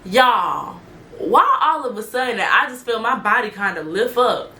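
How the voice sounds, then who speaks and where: A woman's voice: a little high, lively intonation, a little slow, sharp tone. A young woman telling a story in casual chat, slangy and talking straight to her viewers. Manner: chatty, slangy, addresses viewers directly. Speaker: storyteller vlogger.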